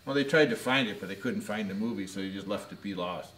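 A man co-hosting a casual show, tossing in deadpan one-liners. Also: fairly low pitch, quick pace, a little hiss or hum. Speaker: co-host. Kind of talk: casual joking banter.

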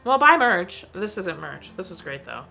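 Young woman vlogger rambling about a movie, lots of ums and laughs, bright voice, faint music in the back. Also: lowish voice, big pitch swings, normal speed, vocal fry. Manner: chatty and giggly, lots of fillers. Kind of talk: casual movie review chat.

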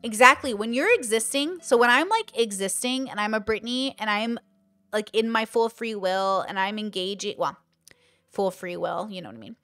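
In a casual livestream chat, a woman content creator thinks aloud at a moderate pace in a mid-range voice, using lots of fillers. She's animated and acts out the voices she quotes. The audio has no echo.

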